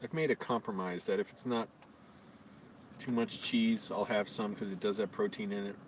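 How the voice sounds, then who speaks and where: A man's voice: fairly low pitch, fairly even intonation, moderate pace, distant mic. A man with a scratchy voice live-streaming a rambling, amused running commentary outdoors in a park. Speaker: vlogger. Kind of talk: casual live-stream chat.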